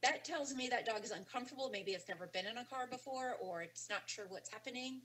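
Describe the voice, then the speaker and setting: A woman's voice: fairly high pitch, quick pace, a bit bright, slight background noise, rough recording. A woman teaching a webinar on dog behavior, explaining casually with frequent ums and restarts. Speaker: dog training instructor. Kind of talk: webinar lecture.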